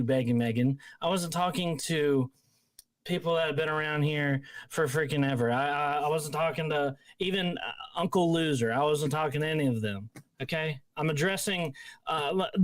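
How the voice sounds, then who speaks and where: A man's voice: a little high, no echo. A man ranting heatedly on a livestream, profane and rambling with lots of restarts. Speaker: guest panelist.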